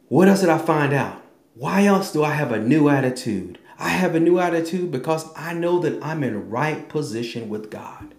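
A man's voice: on the high side, brisk. Emphatic preacher man, echoey room. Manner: emphatic preaching, quotes scripture, swings between loud and hushed. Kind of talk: sermon.

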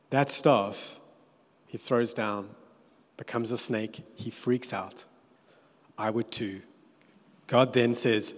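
A man preaching a sermon, telling the story with animated, playful asides. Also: fairly low pitch, slow pace, pauses often. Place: church hall. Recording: echoey church hall.

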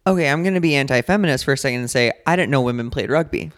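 A man co-hosting a podcast, chatting casually with teasing, deadpan jokes. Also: mid-range voice, rapid-fire. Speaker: podcast co-host. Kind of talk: casual banter.

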